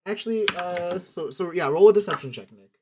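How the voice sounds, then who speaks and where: A man's voice: high voice, brisk. A man narrating as game master, stumbling and restarting often, over a noisy voice call. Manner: hesitant narration with many restarts. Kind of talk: running a tabletop game online.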